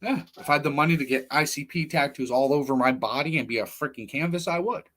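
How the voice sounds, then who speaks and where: A man's voice: fairly high pitch, quick pace, a bit bright. A man hosting a livestream, telling personal stories in a rambling, blunt, profane casual monologue. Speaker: livestream host.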